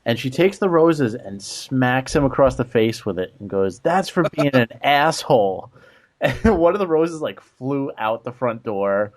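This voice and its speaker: A man's voice: medium pitch, lively intonation, a little slow, hardly any pauses, darkish tone. A man co-hosting a podcast in casual chat, easygoing, chiming in with dry jokes and telling his own anecdote. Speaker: podcast co-host.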